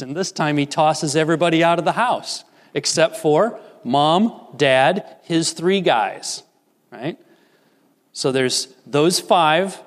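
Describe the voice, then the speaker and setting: Preacher with hall reverb. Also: male voice. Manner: dramatic swings between rising emphasis and hushed low asides. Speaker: pastor. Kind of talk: sermon.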